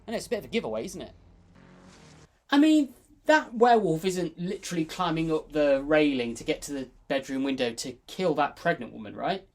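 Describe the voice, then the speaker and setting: A woman's voice: low voice, animated, fairly quick. A woman from the United Kingdom co-hosting a film review with playful, ironic exclamations. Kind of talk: comic film commentary.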